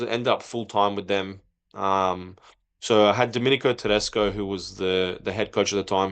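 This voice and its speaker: Low-voiced man telling a lively story. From not from Europe. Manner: animated, acts out quoted dialogue. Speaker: podcast guest, former footballer. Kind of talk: casual storytelling.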